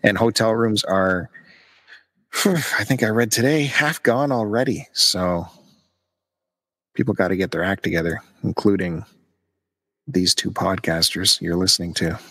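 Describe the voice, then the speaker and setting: Guy, low voice, easygoing podcast co-host, chatty and teasing. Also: measured pace, long pauses, a bit bright, husky. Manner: chatty, teasing, plugs events. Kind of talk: casual chat.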